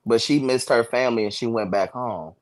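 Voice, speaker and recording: A man joining a casual live review chat, making slow joking asides. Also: medium pitch.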